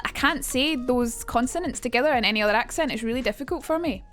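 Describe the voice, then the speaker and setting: A young Scottish woman hosting a casual live stream, her voice sitting a little high. She talks in a loose, chatty way, swears freely and answers her chat. Soft music plays behind her. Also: fast talker, hardly any pauses. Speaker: streamer teaching accents.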